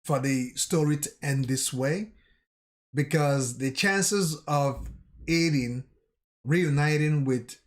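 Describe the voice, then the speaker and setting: A man vlogger recapping a manga chapter in a casual way, telling the scenes with pauses and correcting himself as he goes. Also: on the high side. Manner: recounts scenes haltingly, with pauses and self-corrections.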